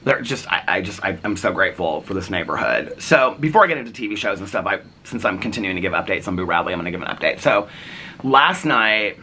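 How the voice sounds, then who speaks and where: Fast-talking chatty man vlogging. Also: low voice, expressive, sharp tone, a little hiss or hum. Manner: chatty, many fillers and quoted dialogue. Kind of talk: casual storytelling to camera.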